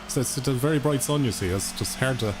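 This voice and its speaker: Over racing game music and engine noise, a young man from Ireland with a medium-pitched voice rattles off casual, sweary live-stream chat to his viewers while he plays.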